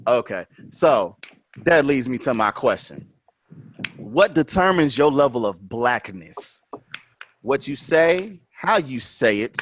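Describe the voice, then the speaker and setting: Animated storytelling man on a podcast. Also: mid-range voice, takes it slowly. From Virginia. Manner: animated, slangy, acts out quotes. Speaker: podcast co-host. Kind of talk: casual storytelling chat. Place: podcast studio.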